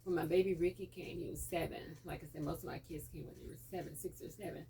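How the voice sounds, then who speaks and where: A chatty woman hosts her lunchtime vlog from home and tells stories between bites. Her voice sits slightly low, and she gets animated when she quotes other people. Faint household noise runs behind her through the camera mic. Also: fast talker. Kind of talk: casual eating vlog chat.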